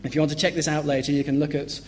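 A man preaching an earnest sermon, emphatic and dropping to a hush on grave points. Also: on the high side, little pitch movement, racing, slight background noise. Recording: long hall reverb.

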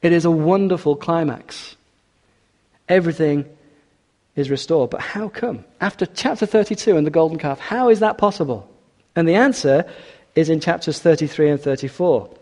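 Male preacher, mellow tone, expressive sermon delivery, echoing hall. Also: fairly high pitch, moderate pace. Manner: expressive, rising for emphasis, drops quiet for scripture.

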